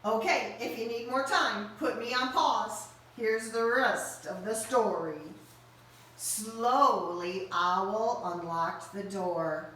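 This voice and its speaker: Teacher reading to kids, bright and unhurried, far from the mic. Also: female voice, fairly high pitch, a little hiss or hum. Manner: animated and expressive, speaks straight to young listeners. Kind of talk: reading a story aloud to children. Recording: roomy echo, mic at a distance.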